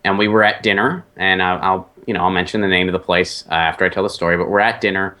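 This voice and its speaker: Man telling a story with lots of uhs. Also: sits low. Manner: animated, halting with fillers and restarts. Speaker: commentator telling a personal story. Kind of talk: casual storytelling.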